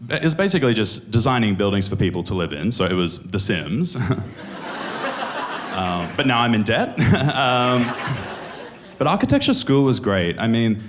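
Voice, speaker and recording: Animated young stand-up comedian. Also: male voice, medium pitch, normal speed. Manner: animated storytelling, acting out voices. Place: comedy club stage. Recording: clear crowd noise in a comedy club.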